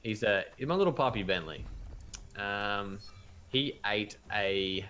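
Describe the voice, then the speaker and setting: A man streaming a video game, chatting casually and telling stories in an animated, swearing way. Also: on the low side, takes it slowly. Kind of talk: casual gaming stream chat. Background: game music.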